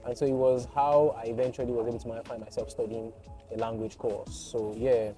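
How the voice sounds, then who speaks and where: A man's voice: medium pitch, little pitch movement, brisk, dark tone. Young Nigerian guy, Nigerian accent, playful and self-mocking, casual interview, music bed. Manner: laughing, playful, self-deprecating. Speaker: guest content creator and voiceover artist.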